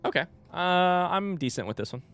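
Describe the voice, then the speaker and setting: A man's voice: sits high, lively intonation, moderate pace, fairly bright tone, clean tone. A young man casually chatting and joking while playing through a game. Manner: chatty, joking, yelps when startled. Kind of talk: casual gameplay commentary.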